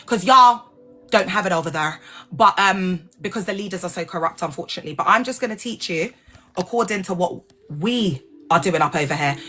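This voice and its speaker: A woman hosting a casual livestream, talking in an animated, digressive way and spelling out sensitive words letter by letter. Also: fairly low pitch. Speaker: livestream host. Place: lives in England.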